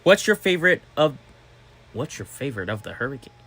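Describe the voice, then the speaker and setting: A man chatting casually as a vlogger, excitable and rambling, with restarts and sudden loud outbursts. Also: medium pitch, fairly quick, husky. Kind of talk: casual vlog chat.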